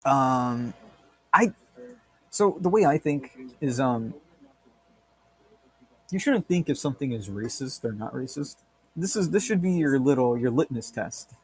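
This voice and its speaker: A man's voice: medium pitch, animated, a little slow, long pauses, slightly rough. A man co-hosting a podcast, chatting casually in a rambling, crude, joking way with lots of fillers. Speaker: podcast co-host. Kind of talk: casual chat.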